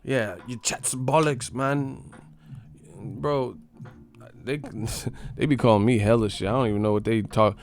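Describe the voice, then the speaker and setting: A man's voice: fairly low pitch, fairly even intonation, unhurried, vocal fry, pauses often, darkish tone. A man hosting a boxing channel, ranting casually on a live stream in a profane, mocking, rambling way.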